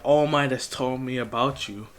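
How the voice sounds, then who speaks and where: A man's voice: medium pitch, moderate pace, lightly acted. A man doing a grim, determined young hero.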